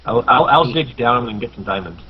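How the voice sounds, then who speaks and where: A man's voice: mid-range voice, animated, a little fast. A man joking around as a player in a tabletop role-playing session. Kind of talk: casual chat while gaming. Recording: muffled lo-fi voice chat with faint noise.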